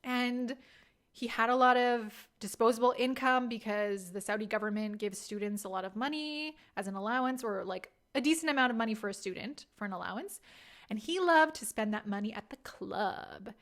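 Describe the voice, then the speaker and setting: Her slightly high, somewhat bright voice moves at an ordinary speed as she hosts her podcast. The woman, in her thirties, laughs a lot while casually recounting honest, self-mocking tales.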